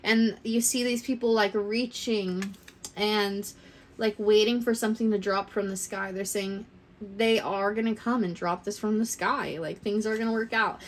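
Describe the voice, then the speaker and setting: A woman's voice: medium pitch, steady tone, normal speed, a little hiss or hum. A young woman giving a casual pick-a-card reading, chatty and rambling, laughing often. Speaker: tarot card reader.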